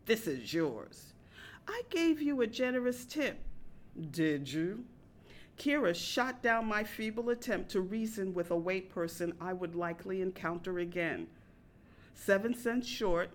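A woman reading a personal story aloud in a wry, deadpan manner. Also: lowish voice.

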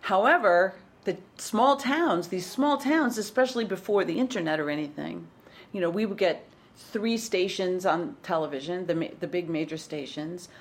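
A woman in her sixties from Wisconsin with a light Midwestern accent, talking as a guest in a casual interview, reflective and pausing with fillers. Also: fairly low pitch. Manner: reflective, frequent fillers and restarts.

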